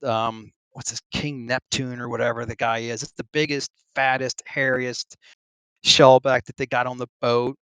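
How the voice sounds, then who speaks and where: A middle-aged man talking over an online voice call with a dry, close sound. He wanders through a long casual story, stopping for ums and small laughs. His voice sits at an ordinary pitch. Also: flat delivery, normal speed, fairly bright tone, clear, resonant tone, dry recording. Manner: rambling, full of ums and restarts, laughs between phrases. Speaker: Navy veteran guest.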